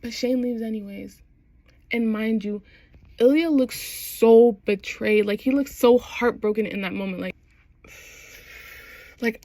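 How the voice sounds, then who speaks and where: A woman's voice: fairly high pitch, unhurried, long pauses, mellow, no echo. A young adult woman in casual chat, recapping a TV show with slangy phrasing and frequent laughs. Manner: chatty, slangy, laughs often while recapping. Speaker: vlogger.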